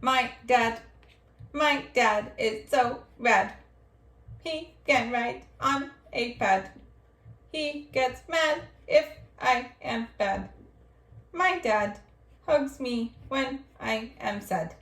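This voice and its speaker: A woman putting on a playful robot voice, reading loud and careful, line by line, in a roomy space with a bit of echo. The voice sits a little high. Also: extremely slow, full character voice. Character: robot reading aloud to young children.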